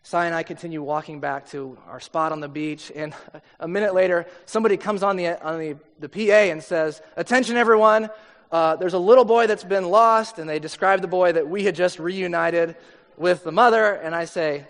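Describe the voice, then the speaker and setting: A middle-aged pastor with a high voice preaches in a casual, storytelling way, full of little asides. His voice carries with a long reverb tail from a large hall. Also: normal speed. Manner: conversational storyteller, many asides. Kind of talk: sermon with personal story.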